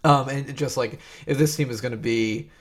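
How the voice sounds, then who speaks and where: A man's voice: mid-range voice, moderate pace. A man co-hosting a sports talk show, speaking casually with many fillers and easy laughs. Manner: hesitant, filler-heavy, laughs easily.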